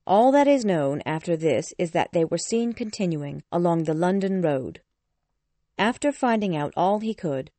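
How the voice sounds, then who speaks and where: A woman reads a story aloud in a steady, clear way. Her voice sits fairly low and sounds warm and mellow. The recording is close and dry. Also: no room sound. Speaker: audiobook narrator. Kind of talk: storybook reading.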